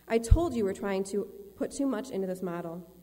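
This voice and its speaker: A woman's voice: medium pitch, lively intonation, fairly quick, warm tone, natural voice. A woman reading the lines of a doubting female angel, in a reverberant church hall. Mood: questioning.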